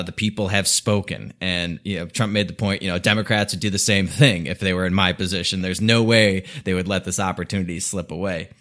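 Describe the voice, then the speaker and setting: A young man with a somewhat low voice hosts a podcast and talks through the news. His delivery is casual and opinionated, and he laughs often as he goes. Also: fairly bright tone. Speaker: podcast host. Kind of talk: casual political commentary.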